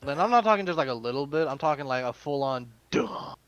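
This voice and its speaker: A man in a casual podcast chat, blunt and crude with a deadpan edge. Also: on the high side, fast, no echo, dull audio.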